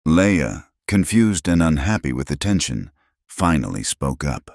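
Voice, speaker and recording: A man's voice: very deep voice, sing-song, measured pace, creaky, darkish tone, no room sound, studio quality. A man giving scripted, dramatic narration of a Western story.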